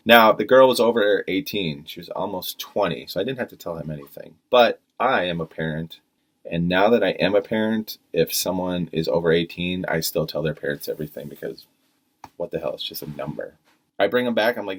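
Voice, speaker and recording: Middle-aged male podcaster, very low voice, exasperated profane retail anecdote. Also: lively intonation, fairly quick. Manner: profane, exasperated, acts out quotes. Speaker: podcast storyteller, retail manager. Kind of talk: casual storytelling.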